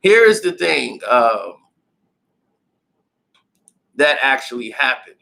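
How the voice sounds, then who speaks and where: A man giving casual sports commentary, telling the story in an animated way and laughing often. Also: medium pitch, slow pace, gravelly, rough recording.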